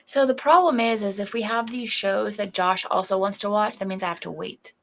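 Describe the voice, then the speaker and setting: A woman's voice: medium pitch, a little fast, gravelly. A woman co-hosting a livestream, bantering and teasing her co-host in casual chat. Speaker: whiskey channel co-host.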